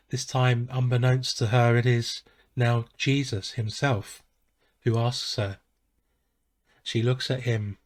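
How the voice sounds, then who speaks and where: A man preaching a sermon as a pastor, measured and solemn, pausing softly between phrases. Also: medium pitch. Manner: slow, measured and solemn, with soft pauses.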